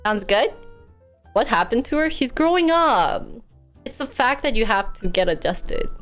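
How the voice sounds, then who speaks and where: Hyper young woman streaming, bit high voice, faint music behind. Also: big pitch swings, measured pace, a bit bright. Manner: hyper, chatty, laughs often. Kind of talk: casual stream chat.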